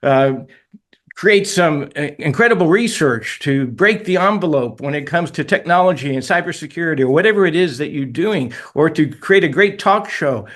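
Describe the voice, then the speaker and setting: A man's voice: fairly high pitch, normal speed. A middle-aged man, an author guest on a radio interview, telling stories animatedly and laughing at himself. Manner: animated, tells stories with self-deprecating laughs.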